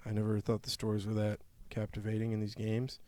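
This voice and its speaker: A man's voice: fairly low pitch, completely flat delivery, brisk, dark tone, no room sound. A young man co-hosting a casual gaming podcast, reading news aloud with a joking, infomercial-style delivery. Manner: reads news aloud, then jokes around in an infomercial tone. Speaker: podcast co-host.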